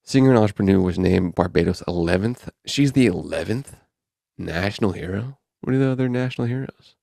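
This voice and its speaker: A man's voice: low-pitched, expressive, brisk, creaky, dark tone, no room sound, studio quality. A man hosting a podcast, chatting offhand and wry while reading headlines aloud and riffing on them. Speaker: podcast host. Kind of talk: casual podcast chat, reading news aloud.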